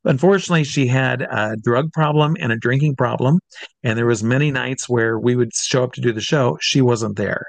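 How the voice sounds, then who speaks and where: A drag comedy entertainer shares backstage anecdotes in a loose, conversational way, with many fillers and restarts. He speaks in a mid-range voice with vocal fry at a moderate pace, and there is no room sound.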